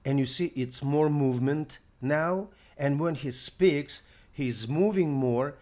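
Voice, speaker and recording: A man's voice: medium pitch, darkish tone. A man hosting a casual live demo, hesitant, with many fillers and restarts while talking to viewers. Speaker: tech demo host.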